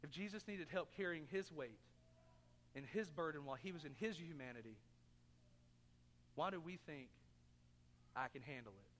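A man's voice: fairly high pitch, animated, normal speed, long pauses, fairly bright tone, big-room sound, slight background noise. A man preaching a sermon as pastor, earnest, asking his congregation questions and throwing in jokes. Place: church sanctuary.

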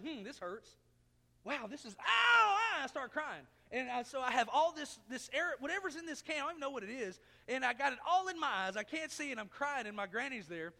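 A man's voice: very high voice, vocal fry, pushed and bright. A man in his thirties preaching a sermon, telling a personal story in a folksy, self-mocking way. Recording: long reverb of a church hall.

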